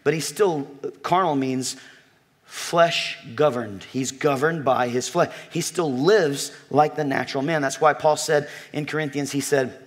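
A pastor preaches to his congregation, telling a story and addressing his listeners directly with animated, joking energy. His voice sits a little high, and he speaks a little slowly.

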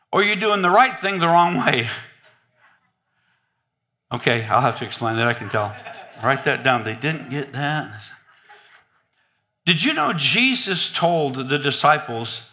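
A man preaching a sermon in an animated, humorous, conversational way. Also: fairly high pitch.

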